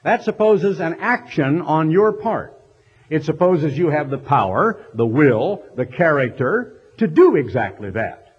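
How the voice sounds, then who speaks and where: Animated preacher man, husky lo-fi. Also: a little high, unhurried. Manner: animated, acts out voices of the crowd. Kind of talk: sermon. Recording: dull lo-fi recording.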